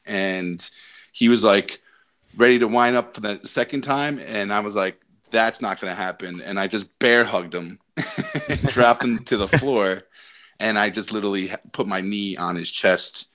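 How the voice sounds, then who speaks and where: A man's voice: on the low side, huge pitch swings, moderate pace, fairly bright tone. A young adult man chatting on a podcast, telling a story with lots of fillers and bursts of laughter. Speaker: podcast co-host. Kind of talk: casual storytelling chat.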